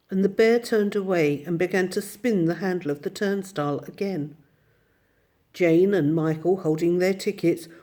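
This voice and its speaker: A woman reading a children's story aloud as narrator, steady and expressive. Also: medium pitch. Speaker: audiobook narrator.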